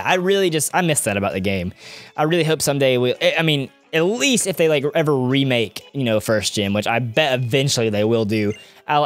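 A young man doing let's-play commentary, chatty and rambling, often drifting off on tangents. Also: mid-range voice. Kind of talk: video game commentary.

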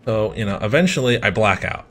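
A young man chats casually while he plays, rambling through a profane story. His pitch swoops a lot and he keeps breaking off to talk to the game. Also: animated, fairly quick, a bit bright, soft background music. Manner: rambling, profane, laughing, talks to the game between story beats. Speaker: gaming streamer.

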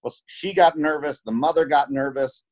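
A man's voice: on the high side, normal speed, a little mellow. A man who works as a film and television producer, telling stories as an interview guest in an earnest way and often repeating words as he restarts. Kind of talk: conversational interview, telling anecdotes.

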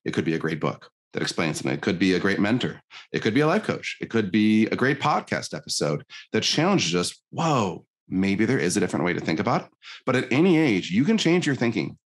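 A middle-aged man, a life coach, telling stories on a podcast and acting out the dialogue in them. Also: deep voice. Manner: animated storyteller, acts out quoted dialogue. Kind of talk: conversational podcast interview.

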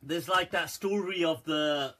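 A man's voice: fairly high pitch, unhurried, pushed and bright. A man hosting a casual religious talk on a live stream, chatty, with many fillers and laughs at his own jokes. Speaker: Islamic scholar and live-stream host. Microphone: front-facing phone or webcam.

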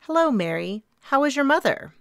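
A woman's voice: high-pitched, very animated, moderate pace, no room sound, studio quality, pitched above the performer's own voice. A woman voicing a confident, poised businesswoman who owns a company, speaking in a gracious, composed way.

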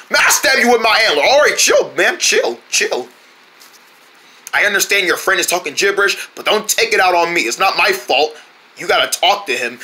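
A man voicing an excitable young male cartoon deer who argues and bickers with his friends. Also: high-pitched, heavily acted. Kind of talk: homemade cartoon voice acting.

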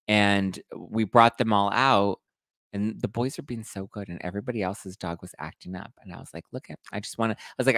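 A man hosting a casual live stream, reading viewer comments aloud with animated mock outrage. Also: on the low side, no echo, studio quality. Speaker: host reading live chat.

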